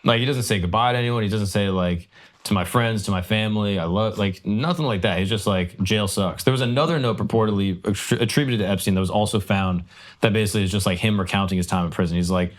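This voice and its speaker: A man's voice: on the low side, quick pace. A man co-hosting a podcast, reading articles aloud with a wry edge in casual chat. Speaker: podcast co-host.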